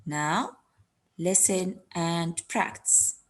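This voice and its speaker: A woman teaching an English lesson, slowly repeating words and giving their meanings. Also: fairly low pitch, expressive. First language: Arabic. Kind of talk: recorded classroom lesson.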